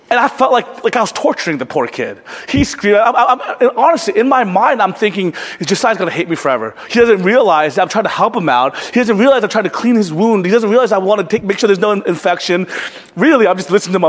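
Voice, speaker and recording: A man preaching a sermon as a pastor, telling a story in a conversational, earnest way that sometimes sinks to a hush. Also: high voice. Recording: long hall reverb.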